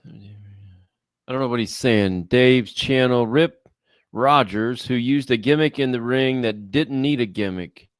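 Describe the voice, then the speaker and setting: A man's voice: medium pitch, takes it slowly, smooth, no room sound, studio quality. A man co-hosting a casual chat, reading viewer questions and thinking aloud hesitantly with many fillers. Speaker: co-host.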